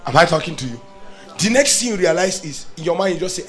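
Animated man preaching a sermon. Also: sits high, quick pace, faint music behind. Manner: animated preacher, swings from loud to hushed, acts out inner voices. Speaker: pastor.

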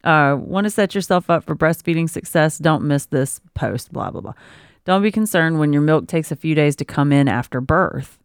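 On a relaxed podcast, a woman who is expecting reads parenting advice and drifts into laughing side comments as co-host. Her deep, smooth voice is animated and moves at a normal pace. The sound is dry, clean studio quality.

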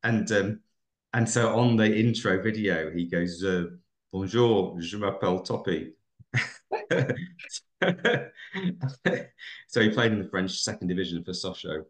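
A man muses aloud at length, full of ums and restarts. His voice sits very low. The room around him rings with echo. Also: animated, slow pace, long pauses. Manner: reflective, rambling with fillers. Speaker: podcast co-host and teacher. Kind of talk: casual podcast chat.

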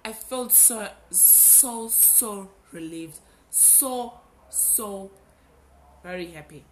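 A young adult woman hosting a podcast, telling a personal story in a casual, animated way and repeating words for emphasis. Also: mid-range voice, extremely slow, slight background noise. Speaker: podcast host.

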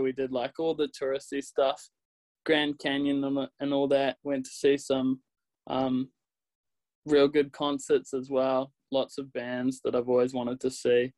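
A young man from New Zealand with a Kiwi accent, a graphic designer chatting casually as an interview guest, relaxed and laughing often. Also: medium pitch, rough recording.

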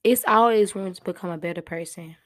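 A woman's voice: on the low side, a little fast, dry recording, studio quality. A young woman hosting her own podcast, giving heartfelt motivational talk in casual, slang-filled speech. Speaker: podcast host.

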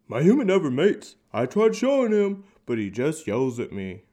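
A man's voice: a little high, wildly swooping pitch, normal speed, warm tone, pitched above the performer's own voice. A man voicing an earnest male pet dog who tattles and complains, with a stuffy cold.

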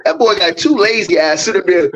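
A man on a basketball debate panel, trash-talking and roasting the others in loud, teasing banter. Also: sits high, lively intonation, brisk, lo-fi sound.

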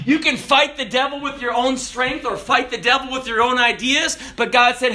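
A man preaching a sermon in an animated way, swinging from loud exclamations to hushed asides. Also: very high-pitched, brisk, few pauses.

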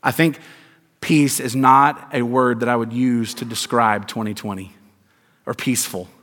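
A man preaching a sermon as pastor, emphatic, with rhetorical questions and deliberate stresses. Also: mid-range voice, steady tone, a bit bright. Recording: long hall reverb.

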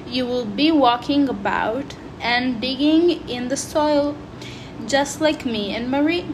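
A woman's voice: high voice, takes it slowly. A woman reading as a cheerful animal-loving boy. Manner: read-aloud dialogue. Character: happy country boy who loves animals. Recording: clear background noise.

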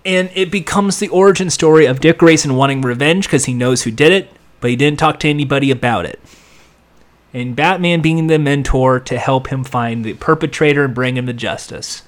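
A man giving a casual, sarcastic recap of a TV episode, rambling and throwing in sound effects and quick impressions. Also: mid-range voice. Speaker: show reviewer.

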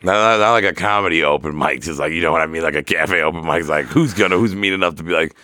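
A man's voice: low-pitched, fast, bright, forceful tone, dry recording, clean studio sound. A man co-hosting a podcast in casual comedic chat, joking and profane, riffing into mock poetry and silly voices. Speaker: podcast co-host.

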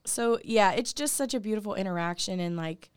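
A woman's voice: mid-range voice, brisk, clean tone, no room sound. A young woman co-hosting a casual podcast, talking earnestly with lots of "like" fillers. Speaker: podcast co-host. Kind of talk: casual faith podcast chat.

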